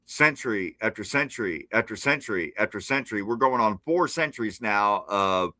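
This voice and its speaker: A man's voice: lowish voice, animated, normal speed, pushed and bright, no room sound. A man, a podcast guest talking casually in an impassioned, sardonic rant over a remote call. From Appalachia. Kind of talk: casual conversation. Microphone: remote streaming call.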